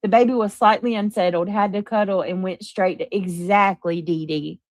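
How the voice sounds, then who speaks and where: A woman's voice: mid-range voice, steady tone, moderate pace, a little mellow, no echo. Emphatic woman livestream host, dry sound. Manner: emphatic, defensive, talking to chat. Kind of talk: livestream chat.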